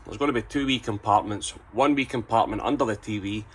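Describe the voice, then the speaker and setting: Scottish man, low-ish voice, easygoing vlog walkthrough, faint noise in the background. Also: brisk, low-quality recording. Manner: chatty, explaining as he goes. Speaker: vlogger building a campervan. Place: inside a van under conversion.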